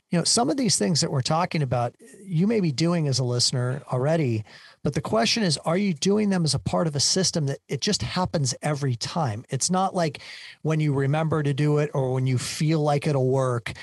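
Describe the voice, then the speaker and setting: A man's voice: a little high, gravelly, breathy edge, no room sound. A man hosting a business podcast, earnest and emphatic, asking long framing questions. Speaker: podcast host. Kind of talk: interview hosting.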